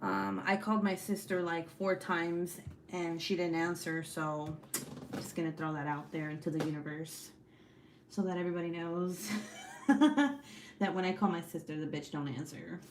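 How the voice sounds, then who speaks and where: A young woman hosting a casual livestream, reading chat and teasing her sister with loud, swearing jokes and frequent laughs. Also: on the low side, normal speed, a little hiss or hum. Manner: loud, joking, swears a lot, laughs often.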